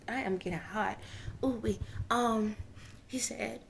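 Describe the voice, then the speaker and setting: A woman's voice: medium pitch, steady tone, moderate pace, creaky, slight background noise. A woman channeling spirit messages to viewers in an emotional, exclamatory way, often repeating phrases and dropping to whispers. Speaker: spiritual medium.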